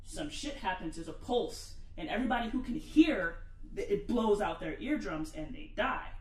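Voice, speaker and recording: A man on a podcast, telling a story in animated casual chat, acting out the quotes and swearing a lot. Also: high-pitched, moderate pace, reverberant, far from the mic, rough recording. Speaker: podcast co-host.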